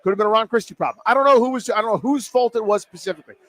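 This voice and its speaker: Brief: male sports radio host, high voice, animated, self-mocking, live from a bar. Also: very fast. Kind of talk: storytelling on a live sports talk show.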